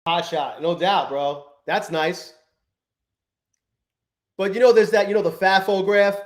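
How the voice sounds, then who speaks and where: A man hosting a live trading stream, chatting with viewers, swearing often and swinging between low mutters and exasperated outbursts. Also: steady tone, unhurried, reverberant. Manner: profane, exasperated, talks to chat. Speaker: livestream trading host.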